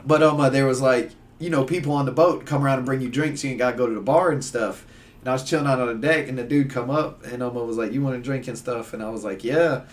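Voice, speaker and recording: A man, a podcast guest telling stories in casual chat, animated and acting out the people he quotes. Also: medium pitch, quick pace, far from the mic. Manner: animated, laughing storyteller who acts out voices. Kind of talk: casual storytelling.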